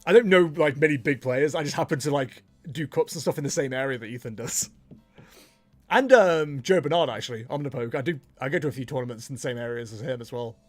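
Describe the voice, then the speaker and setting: A man's voice: mid-range voice, quick pace, soft background music. A young man chatting casually on a livestream while he plays, laughing often and poking fun at himself. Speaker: streamer.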